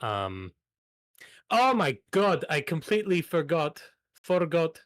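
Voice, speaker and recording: Lively man putting on a mock accent. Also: fairly high pitch, slow, dry recording, studio quality. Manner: rambling, mock foreign accent, self-mocking. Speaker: guest player. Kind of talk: casual tabletop game play on a podcast.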